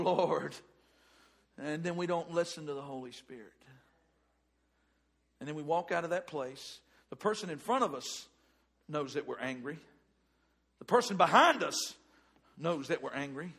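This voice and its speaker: A man preaching a sermon, animated, swinging from loud outbursts to hushed asides. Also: on the high side, a little slow, gravelly, pauses often, husky.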